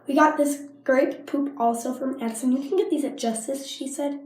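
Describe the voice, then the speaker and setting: A woman's voice: high voice, steady tone, a little slow, long pauses, mellow, a little hiss or hum. Sick, coughing teen girl vlogging. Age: teens. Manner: chatty, rambling, with frequent coughs and likes. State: sick with a cough and sinus infection. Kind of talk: casual show-and-tell vlog. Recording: echoey room.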